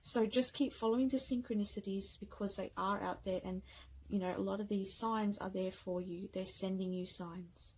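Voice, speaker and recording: A woman giving a pick-a-card tarot reading, speaking gently and affectionately, getting emotional and often checking in with "okay?". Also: medium pitch, steady tone, normal speed, a little hiss or hum, rough recording.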